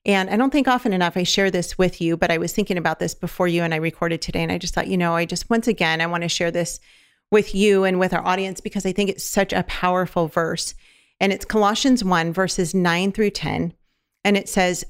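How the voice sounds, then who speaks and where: A woman's voice: on the low side, fairly even intonation, a little fast, clear, resonant tone. A woman in her thirties hosting a podcast, chatting fondly with her daughter and laughing often. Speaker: podcast host. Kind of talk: casual podcast chat.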